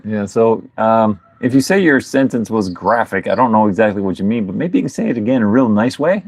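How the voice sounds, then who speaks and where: A man's voice: fairly low pitch, lively intonation, brisk, a little mellow, husky, dry recording. A middle-aged man co-hosting a casual podcast livestream, reading out chat comments in a playful, chuckling way. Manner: playful, chuckling, tries silly accents.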